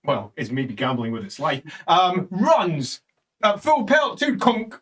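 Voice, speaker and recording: A man running an improvised tabletop game as game master, narrating scenes playfully and quickly. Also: high voice, lively intonation, fairly bright tone, husky. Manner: playful, quick descriptive narration with trilled sounds.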